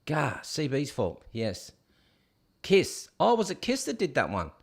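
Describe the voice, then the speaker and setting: A middle-aged man from Canada chats casually on a livestream, his voice pitched a little high. He reads viewer comments aloud and hums or sings bits of old songs between them. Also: wildly swooping pitch, normal speed. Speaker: livestream host reading chat. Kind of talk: casual chat.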